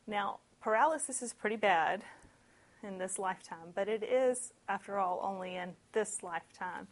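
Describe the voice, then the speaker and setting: A woman preaching a sermon, reading scripture and explaining it in a conversational, expressive way with lively asides. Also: mid-range voice, normal speed.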